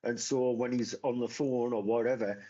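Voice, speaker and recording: A man's voice: medium pitch, fairly even intonation, normal speed, warm tone, highs cut off. A man from northeast England, chatting casually and matter-of-factly as a podcast co-host. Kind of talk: casual chat.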